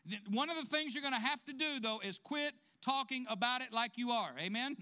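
A man's voice: extremely high pitch, animated, fairly quick, sharp tone. A man preaching a sermon to his congregation, asking them questions and laughing now and then between points. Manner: preaching directly to the congregation, rising emphasis, asks questions. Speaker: pastor.

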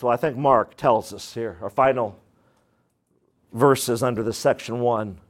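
A man's voice: medium pitch, unhurried. A man preaching a sermon as pastor, emphatic and dramatic, acting out the voices he quotes.

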